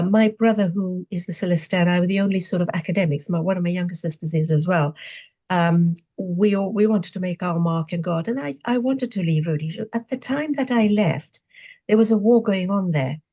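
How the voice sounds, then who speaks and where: A woman in her sixties from Zimbabwe, a podcast guest recounting her life with lively, reflective storytelling and frequent fillers. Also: medium pitch. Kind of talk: storytelling interview answers.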